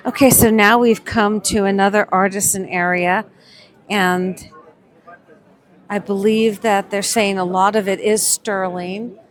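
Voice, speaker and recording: A woman's voice: medium pitch, steady tone, measured pace. A woman giving casual, enthusiastic commentary while shopping at a winter market and admiring the crafts. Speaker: vlog co-host shopping a market.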